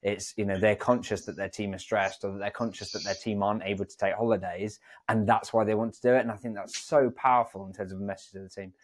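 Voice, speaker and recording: Lower-voiced male podcast host. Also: quick pace, hardly any pauses. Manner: relaxed, affirming interjections. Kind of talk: casual interview talk.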